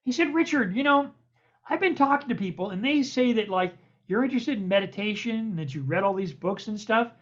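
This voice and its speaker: Older American man spinning animated anecdotes. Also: high voice, fairly quick. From United States. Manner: animated, acts out the voices in his stories; stammers and repeats words. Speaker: guest poet. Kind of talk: anecdotal storytelling in an interview. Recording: dull lo-fi recording.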